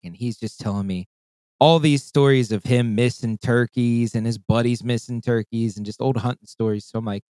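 Profane animated male storyteller. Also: fairly low pitch, no room sound. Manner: profane, animated, acts out voices and calls. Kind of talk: casual storytelling.

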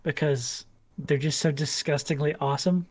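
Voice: mid-range voice, fairly even intonation, moderate pace, soft background music. A podcast co-host and game master with a Boston accent, talking casually, joking bluntly and swearing freely. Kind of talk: casual chat.

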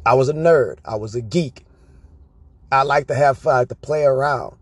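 A man telling personal stories to his viewers in an animated, profane, casual way, often checking in with "right?". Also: medium pitch, moderate pace, husky, no room sound. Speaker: vlogger. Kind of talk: casual storytelling monologue.

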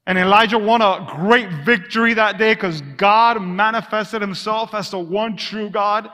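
A high, bright male voice preaches a sermon, calling out questions for the congregation to answer. He tells everyday stories with playful acted asides and sinks to a soft hush on quiet words. A long hall reverb trails behind him. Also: unhurried. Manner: call-and-response preaching, drops to a hush on "whisper"; energetic storytelling with acted asides. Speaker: pastor.

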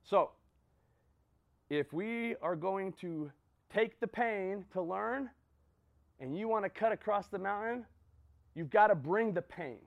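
Gravelly man giving a motivational talk. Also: high voice, lively intonation, slow, long pauses. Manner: storytelling with frequent "right?" and "okay?" check-ins. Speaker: motivational speaker. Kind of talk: motivational talk to a live group.

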